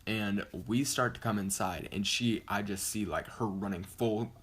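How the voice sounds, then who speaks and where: A man's voice: lowish voice, steady tone, moderate pace, noisy background. A young man telling a story casually on his vlog, rambling and correcting himself, with lots of "like" and "you know". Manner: rambling, self-correcting, heavy use of "like". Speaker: vlogger.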